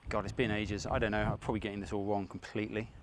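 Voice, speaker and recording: A man's voice: fairly low pitch, little pitch movement, racing, a little hiss or hum. A middle-aged man talking to his camera outdoors on open fells. He rambles in a chatty, self-deprecating way as he narrates his route. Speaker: fell runner vlogger. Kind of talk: casual outdoor vlog narration.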